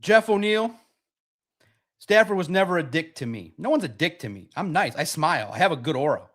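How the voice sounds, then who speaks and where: A man's voice: on the high side, very animated, fairly quick, a bit bright. A man hosting a sports podcast, ranting in an emphatic, repetitive and mocking way. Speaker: podcast host. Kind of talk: heated sports podcast rant.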